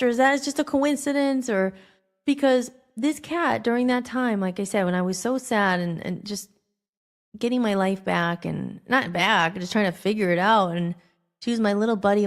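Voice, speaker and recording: A woman hosting a podcast, telling a personal story in a rambling, animated way, acting out the dialogue. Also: mid-range voice. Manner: rambling, animated, acts out quoted dialogue with filler "like". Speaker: podcast host.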